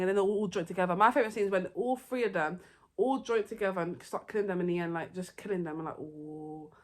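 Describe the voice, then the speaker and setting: A young woman, chatting excitedly and rambling through her favourite movies in a casual vlog. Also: mid-range voice. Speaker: vlogger. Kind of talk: casual movie review chat.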